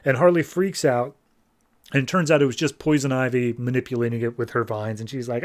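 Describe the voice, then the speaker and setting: A podcast host recaps a comic issue in a loose, rambling way full of fillers, talking fairly quickly in a steady tone. He briefly shifts his pitch when quoting characters.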